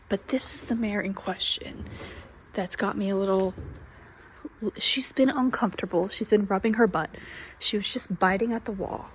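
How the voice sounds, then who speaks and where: A woman filming a casual vlog while walking a horse barn at midnight, speaking quietly and often whispering so she won't disturb the mares. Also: mid-range voice, moderate pace, a little hiss or hum. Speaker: horse breeder vlogger. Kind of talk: casual vlog, hushed late-night barn walk. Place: dark horse barn at night.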